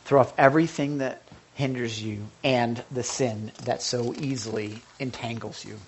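A man preaching a casual sermon to a congregation, animated and jokey, swinging between loud and quiet. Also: medium pitch, normal speed, slightly rough.

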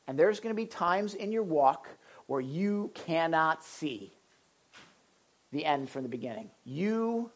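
Husky-voiced woman preaching conversationally. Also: low-pitched, lively intonation, slow pace, highs cut off. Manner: asks the audience questions, frequent restarts. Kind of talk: conversational sermon.

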